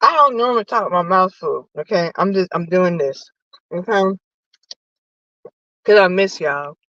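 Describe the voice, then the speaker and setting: A woman hosting a casual, profane sports chat from her parked car while eating lunch, animated and nosy. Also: fairly low pitch, normal speed, dry recording, lo-fi sound. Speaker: sports podcast host. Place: parked car in a parking lot.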